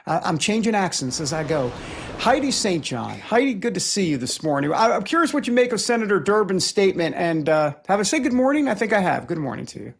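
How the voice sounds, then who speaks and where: A man's voice: high-pitched, big pitch swings, brisk, gravelly, breathy edge. A man hosting a political talk show, making wry, sarcastic asides as he introduces a guest. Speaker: host.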